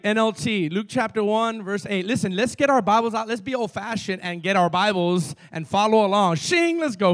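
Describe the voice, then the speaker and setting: A man with a Cuban accent, a pastor preaching a sermon to his congregation with energetic call-and-response. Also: sits high, moderate pace, few pauses. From Cuba. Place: church sanctuary.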